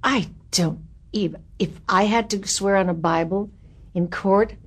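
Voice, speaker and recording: An older woman in her seventies, telling stories from her acting days in an interview. She talks in a candid, wry way and throws in lively asides. Her voice sits at an ordinary middle pitch. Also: a little slow, slightly rough. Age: 70s. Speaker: actress interviewed about her career. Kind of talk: reminiscing interview.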